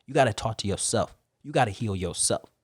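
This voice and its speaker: A man talks fast as a podcast guest, driving his points home with an emphatic, preaching push. His voice sits a little low and jumps up when he presses a point. The sound is dry and close. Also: expressive, husky, dry recording. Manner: emphatic, preaching, swings in pitch and loudness. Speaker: podcast guest, motivational speaker. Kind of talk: casual interview talk.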